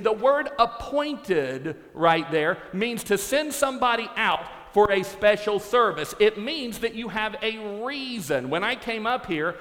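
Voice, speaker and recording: A man preaching a sermon from a church stage, telling stories dramatically and shifting from quiet to loud. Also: sits high. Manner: dramatic storytelling, swinging from hushed to shouted. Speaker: pastor. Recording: long hall reverb.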